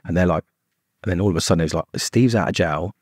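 Podcast guest: middle-aged man, low and husky, rapid rambling delivery, dry close sound. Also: darkish tone, dry recording. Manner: blunt, swearing, rambling with many "like"s. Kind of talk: casual storytelling.

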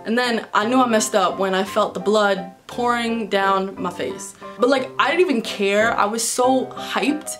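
A woman's voice: medium pitch, measured pace, few pauses, fairly bright tone. A woman vlogger from New York answering viewer questions in a candid, chatty way, telling stories with plenty of swearing. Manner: chatty, candid and profane storyteller. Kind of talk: casual Q&A vlog. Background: background music.

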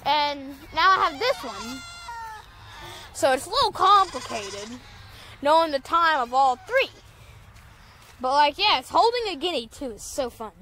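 A young woman vlogs outdoors on a farm in a high, bouncy voice that leaps up and down as she rambles, giggling and filling her talk with "like". The recording is noisy, with goats and sheep bleating behind her. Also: sing-song, measured pace, pauses often, sharp tone. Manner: rambling, giggly, lots of "like" fillers. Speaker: farm vlogger. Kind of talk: casual vlog.

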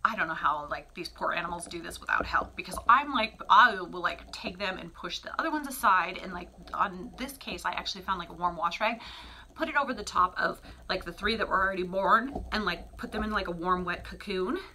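A woman's voice: lowish voice, fairly quick, slight background noise. A middle-aged woman who breeds cats, talking casually in her small bathroom, chatty and rambling with lots of fillers. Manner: drops to a soft whisper near the kittens. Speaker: cat breeder. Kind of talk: casual vlog talk.

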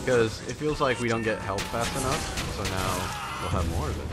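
A man's voice: fairly low pitch, expressive, moderate pace. A man hosting a let's play, joking crudely through casual gaming commentary. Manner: joking, laughs often, crude. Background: game music.

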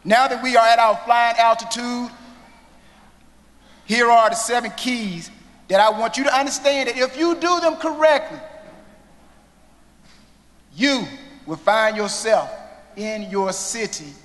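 A man giving an inspirational commencement speech, slow and dramatic, with long pauses and sudden hushed moments. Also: very high-pitched. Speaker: commencement speaker. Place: large indoor hall. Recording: long reverb of a large hall.

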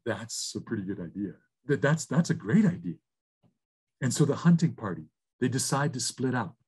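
Husky-voiced man telling a traditional story. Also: mid-range voice, big pitch swings, darkish tone. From Canada. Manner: rhythmic, repeating phrases, slow emphatic pauses. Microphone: video call.

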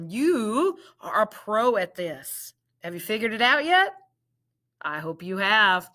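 A woman teacher leading a children's reading lesson, drawing out each word slowly and praising the learners warmly. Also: on the high side. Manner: slow, drawn-out word drills with encouraging praise.

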